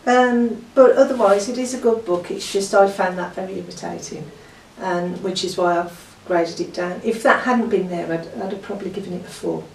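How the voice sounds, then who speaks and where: A woman's voice: mid-range voice, normal speed, hardly any pauses, a little mellow. A woman born in Yorkshire chatting casually as a book reviewer, rambling with lots of ums and small laughs. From Yorkshire, England. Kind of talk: casual chat. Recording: echoey room, far from the mic, faint noise.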